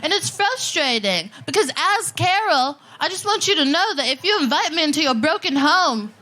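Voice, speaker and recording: A woman's voice: high voice, big pitch swings, normal speed, bright, forceful tone. A woman performing a brash, rowdy live stand-up comedy set on a festival stage. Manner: brash, rowdy, punchy delivery.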